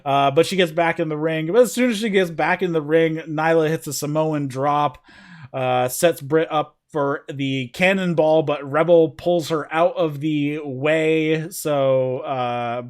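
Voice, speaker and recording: A man's voice: on the high side, measured pace. A man hosting a casual wrestling review podcast, rambling with lots of fillers and stumbling over names. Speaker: podcast host.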